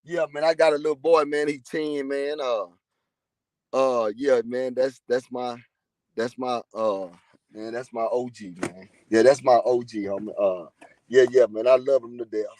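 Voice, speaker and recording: A man's voice: mid-range voice, steady tone, a little slow, darkish tone. A man from Texas, telling prison stories in a profane, boastful, rambling way. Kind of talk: casual livestream chat.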